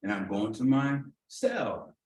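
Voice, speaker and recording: Leading a training, an executive director recounts a personal story casually and with animation, playing out the dialogue of those involved and regularly asking "you know what I'm saying." He speaks in a mid-range voice at a slow pace. The recording has a roomy echo, a distant mic and faint noise.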